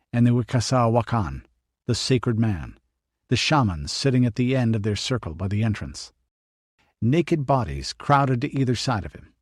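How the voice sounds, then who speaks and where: A man narrating an adventure audiobook in a steady, even storytelling manner. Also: medium pitch, no room sound, studio quality. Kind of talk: scripted narration.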